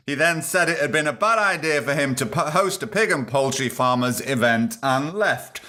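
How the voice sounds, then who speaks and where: Sarcastic man with a lively voice. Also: fairly high pitch, normal speed, hardly any pauses. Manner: irreverent, sarcastic, rambling. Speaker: podcast host. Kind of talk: comic news commentary.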